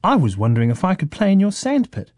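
A man's voice: high-pitched, huge pitch swings, fast, darkish tone, dry recording, studio quality, pitched above the performer's own voice, heavily acted. A man doing a cheerful New grandad. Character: kindly playful grandfather.

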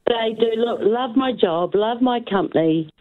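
A woman's voice: on the high side, measured pace. Chatty woman caller on a phone line. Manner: chatty, emphatic. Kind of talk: radio call-in chat.

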